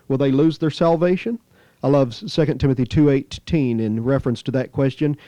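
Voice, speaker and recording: A man with a slightly high, mellow voice preaches a sermon, reading scripture with earnest emphasis and lifting his voice on key phrases. The recording is dry and a little dull, with a lo-fi sound. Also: dry recording.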